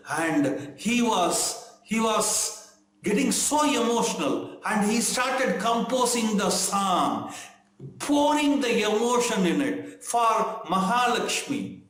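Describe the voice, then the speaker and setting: Man, high voice, storytelling, emotional, halting, roomy echo. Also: fairly bright tone. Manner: earnest, emotional, halting with pauses and restarts. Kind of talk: devotional storytelling.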